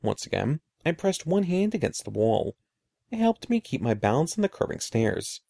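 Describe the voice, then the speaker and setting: Gravelly male audiobook narrator. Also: on the high side, normal speed, dry recording, studio quality. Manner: expressive, suspenseful reading. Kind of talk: scripted storybook narration.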